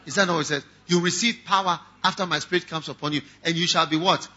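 A man preaching with a very bright, husky voice that climbs high. He swings from quiet talk to shouted lines and puts on whiny voices to mock critics. The recording sounds dull and lo-fi. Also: steady tone, fast. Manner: mocks objectors in whiny voices. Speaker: pastor. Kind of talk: sermon.

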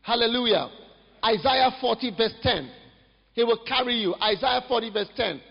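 High, husky preacher. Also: male voice, normal speed. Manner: lively, humorous, emphatic preaching. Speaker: pastor. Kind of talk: sermon. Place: church. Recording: echoey hall, dull lo-fi sound.

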